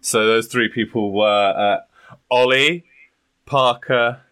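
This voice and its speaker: A man's voice: mid-range voice, slow, pushed and bright, clean tone. A young man co-hosting a podcast, chatting casually with crude jokes and frequent laughs. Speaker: podcast co-host. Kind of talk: casual chat.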